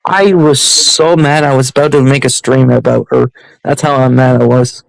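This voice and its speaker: A man's voice: mid-range voice, steady tone, moderate pace, gravelly, dry recording, poor audio. A man streamer ranting heatedly on his livestream, repeating himself and restarting sentences.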